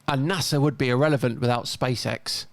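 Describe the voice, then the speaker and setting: A man's voice: medium pitch, steady tone, a little fast, no room sound. A man giving casual commentary as a host, reading out posts and mocking their mistakes with dry humour. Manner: wry, mocking, chuckles at mistakes.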